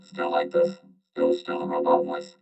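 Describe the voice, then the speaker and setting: A man's voice: moderate pace, a little mellow, highs cut off, soft background music. A man hosting a casual livestream reaction, chatting to his viewers with many fillers, through a glitchy robot-voice mic. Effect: glitchy robot voice filter from a faulty mic. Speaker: host reacting to videos.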